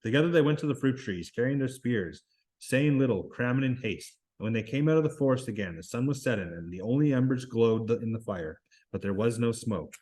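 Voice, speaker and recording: Man reading a novel aloud, steady. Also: medium pitch, fairly quick, low-quality recording. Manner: steady, with small stumbles and restarts. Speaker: reader.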